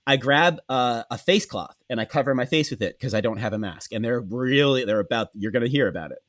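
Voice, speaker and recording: Animated storytelling man, lively pitch. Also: fairly quick. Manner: profane, animated, acts out dialogue. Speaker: podcast host. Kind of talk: casual comic storytelling.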